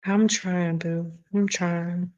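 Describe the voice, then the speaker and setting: A blunt, fired-up woman talks to her viewers in casual live-stream chat. Her voice sits fairly low, and she doesn't hold back on the swearing. The sound is dull and lo-fi. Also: steady tone, slow, a little mellow. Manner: blunt, passionate, swears freely. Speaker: hair care host answering live chat.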